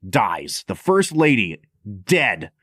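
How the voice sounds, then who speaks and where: A man's voice: fairly low pitch, wildly swooping pitch, slow pace, a bit bright, husky, no echo, studio quality. A man co-hosting a podcast, chatting casually and animatedly about a film, with lots of filler "like". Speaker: podcast co-host. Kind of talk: casual movie discussion.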